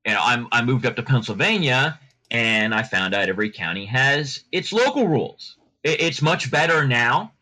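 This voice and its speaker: Chatty, bright-voiced middle-aged man. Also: mid-range voice, very animated, normal speed, rough recording. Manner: chatty, rambling with many restarts. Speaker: guest lawyer. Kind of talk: casual podcast interview.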